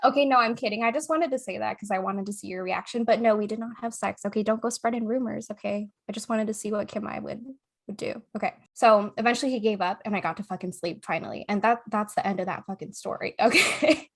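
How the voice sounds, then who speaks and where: A woman's voice: medium pitch, quick pace, creaky. A young woman co-hosting a podcast, telling a story in casual chat, swearing often, laughing mid-sentence and acting out what people said. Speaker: podcast co-host.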